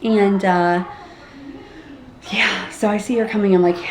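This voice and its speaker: Young pregnant woman ranting on her vlog, acts out everyone's lines, sounds a bit roomy. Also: normal speed. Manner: animated, acts out quotes with big pitch jumps. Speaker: vlogger. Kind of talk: casual storytelling vlog. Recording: echoey room with faint background hum.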